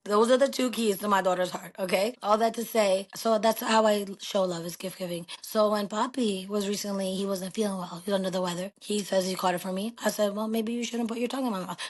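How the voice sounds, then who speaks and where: A middle-aged woman of Pakistani heritage appears as a podcast guest in a casual chat, animated and emphatic, swearing freely. Her voice is mid-range, and she talks briskly with hardly any pauses.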